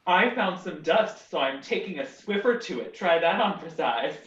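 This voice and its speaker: A man's voice: high voice, expressive, moderate pace, fairly bright tone, lo-fi sound. A man playing an improv comedy game on a video call, giving easygoing one-liners. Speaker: improv performer. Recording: echoey distant video call audio.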